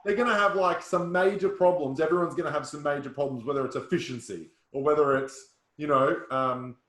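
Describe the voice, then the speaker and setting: Punchy sales coach. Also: male voice, on the high side, fairly quick, fairly bright tone. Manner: punchy, keeps checking in with listeners. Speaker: sales trainer. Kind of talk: workshop coaching. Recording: roomy echo.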